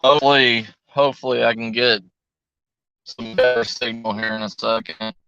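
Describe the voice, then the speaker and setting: Heard over a weak phone connection, the muffled, lo-fi stream audio carries a middle-aged man's medium-pitched voice: bright, forceful, and clean-toned, fairly even at a moderate pace, with no echo and faint music behind. He rambles in casual livestream chat, thinking aloud and reading viewer names.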